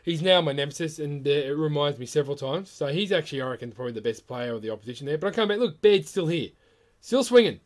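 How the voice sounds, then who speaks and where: Animated man narrating gameplay. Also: quick pace. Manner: animated, exasperated, pitch jumping up when worked up. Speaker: gameplay commentator. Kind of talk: gameplay commentary.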